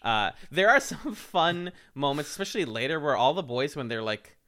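A man co-hosting a podcast, recapping a reality show in casual chat, animated and laughing often as he acts out quotes. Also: on the high side, moderate pace.

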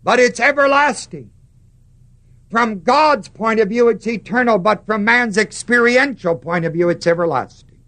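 A man preaching a sermon, stressing words slowly and putting questions to the congregation. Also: high voice, sharp tone.

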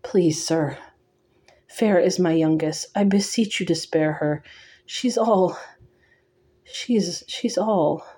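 A woman's voice: lowish voice, takes it slowly, pauses often, warm tone, breathy edge. A woman reading aloud, voicing a frail, desperate old father who pleads in a faltering whisper. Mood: pleading.

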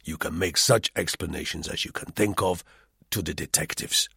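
A man's voice: a bass voice, normal speed, gravelly, husky, no room sound, clean studio sound, heavily acted. A man voicing an icy, sardonic spy. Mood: weary, cold. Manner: icy and acid, softly contemptuous. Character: cold, sardonic, menacing middle-aged male spy. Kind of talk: audiobook character reading.

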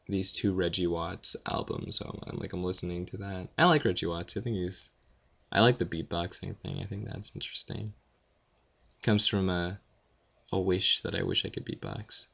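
A young man rambling through listener questions in a casual audio Q&A, with deadpan self-deprecating jokes. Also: deep voice, gravelly, dull audio. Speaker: vlogger answering questions.

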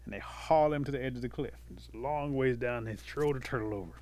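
A man telling a traditional folk tale out loud in an animated way, acting out the voices and sounds in the story. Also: medium pitch, fast talker.

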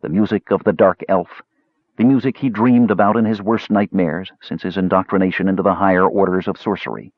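Husky, low-voiced male storyteller. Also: steady tone, fairly quick, no echo. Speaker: audiobook narrator. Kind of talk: storybook narration. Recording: dull lo-fi dry recording.

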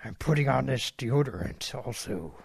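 A man's voice: mid-range voice, expressive, normal speed, gravelly. A man co-hosting a prank call podcast who jokes around in casual banter and sometimes trips over his words. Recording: loud background noise.

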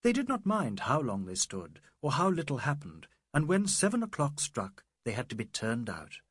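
A man reads a novel aloud in a measured, literary way. His husky voice swings widely in pitch across each sentence, and the recording is dry and close with no room sound. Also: wildly swooping pitch, fairly bright tone, no room sound. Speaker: audiobook narrator. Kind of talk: scripted narration.

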